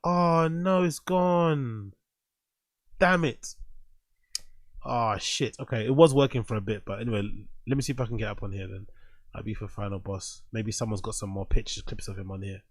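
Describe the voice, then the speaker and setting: A man's voice: on the low side, normal speed, dry recording. A man hosting his show, reacting to online clips in casual commentary, blunt and full of swearing. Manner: blunt, heavy swearing, animated mocking. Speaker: show host.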